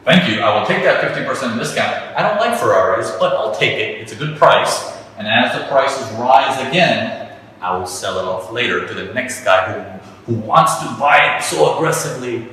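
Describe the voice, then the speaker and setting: A man voicing a calm, self-satisfied big investor who speaks in an unhurried way, recorded in an echoey hall from a distance. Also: medium pitch, slight background noise. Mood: smug. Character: calm, smug male big-money buyer.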